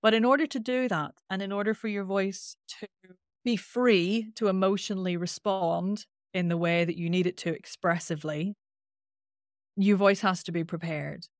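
A woman with a Northern Irish accent and a nasal twang, a voice coach explaining things in an interview with lively demonstrations. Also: mid-range voice, normal speed, no room sound, studio quality. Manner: animated, demonstrates with sung-out sounds.

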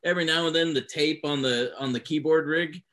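A man casually recalling stagehand pranks in a relaxed, meandering way. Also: fairly high pitch, fairly quick. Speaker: touring stagehand. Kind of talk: casual chat.

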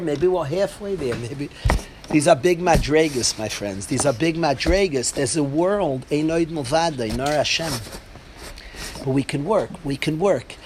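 A man giving an informal Torah class as a rabbi, telling a story with lively energy and asking his listeners questions. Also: fairly high pitch, slight background noise. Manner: animated storytelling, asks the audience.

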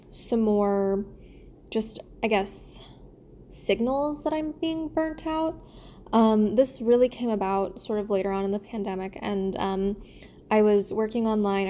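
Young woman, fairly high, mellow tone, loose and rambling delivery. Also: slight background noise. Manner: rambling, many fillers and restarts. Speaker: theater performer. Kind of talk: casual reflective monologue.

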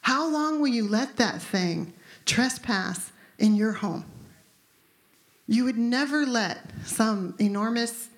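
A woman in her fifties preaching a conversational, emphatic sermon as pastor. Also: mid-range voice. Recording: echoey room.

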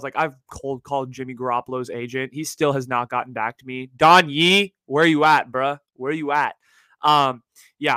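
Bright, dry-voiced young man podcasting solo. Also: medium pitch, no echo. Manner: casual, profane, animated storytelling with slang. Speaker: podcast host.

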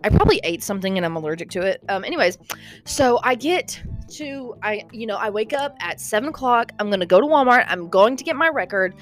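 Chatty young woman with a lively voice. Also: medium pitch, fairly quick, faint music behind. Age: young adult. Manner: animated, rambling, lots of "okay?" and "like". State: slightly out of breath. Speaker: vlogger. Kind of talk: casual chatty vlog.

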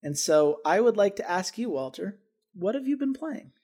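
Man, high voice, podcast co-host, casual chat, sarcastic asides. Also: sing-song, moderate pace, warm tone. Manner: wry, sarcastic.

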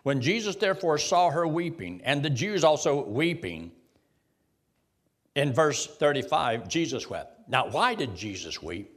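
A man's voice: on the high side, sing-song, measured pace, fairly bright tone. Guy leading bible study, swoops up and down a lot, asks the group stuff, down-home talk. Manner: folksy, reads King James verses aloud and quizzes the group.

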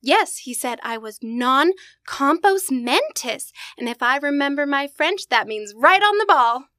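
An actress playing a scatterbrained, sweetly naive young secretary in a 1940s radio sitcom, with a wide-eyed, innocent delivery. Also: female voice, high voice, lively intonation, measured pace, bright, forceful tone, no room sound, clean studio sound, heavily acted.

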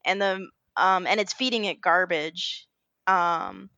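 Rambling, animated woman podcaster. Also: fairly low pitch, slow, creaky, dry recording. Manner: rambling, with many fillers and self-corrections; animated storytelling, often laughing. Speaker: podcast co-host. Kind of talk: casual chat.

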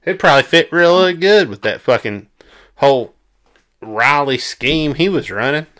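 A man from South Arkansas with a Southern accent, co-hosting a casual sports chat and ranting in an animated, exclamatory way. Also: a little high, moderate pace. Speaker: sports podcast co-host.

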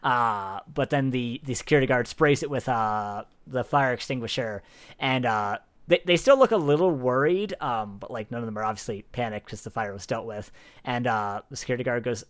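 A man's voice: mid-range voice, fairly bright tone. A man running a tabletop game as its game master. He narrates in stop-start bursts, restarting his sentences and padding them with fillers. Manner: halting, lots of fillers and restarts.

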